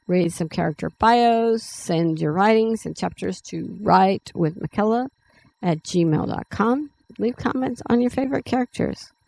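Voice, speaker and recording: On a rough recording, a middle-aged woman with a creaky, somewhat mellow mid-range voice reads aloud a draft of her own story. She hosts a writing channel, keeps an unhurried, plain delivery with minor self-corrections, and then talks to her viewers.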